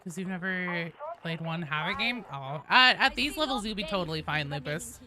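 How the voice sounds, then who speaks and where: A woman's voice: fairly low pitch, animated, normal speed, a crowd in the background. A woman streaming a game, chatting casually with her viewers, playful and swearing, reading the chat aloud. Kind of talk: casual live-stream chat while gaming.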